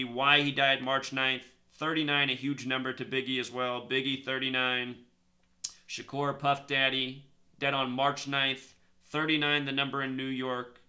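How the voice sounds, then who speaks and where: Male video host, mid-range pitch, very bright tone, casual rambling delivery that doubles back on numbers. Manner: rambling, repeats numbers, talks fast then slows to stress points. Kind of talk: casual monologue to camera.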